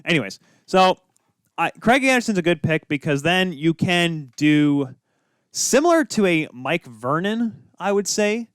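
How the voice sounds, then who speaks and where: A man co-hosting a casual hockey podcast, opinionated and quick with asides. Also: high-pitched, very animated, fairly bright tone, smooth, dry recording, clean studio sound. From Minnesota. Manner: opinionated, talks fast with many asides. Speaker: podcast co-host. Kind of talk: casual sports chat.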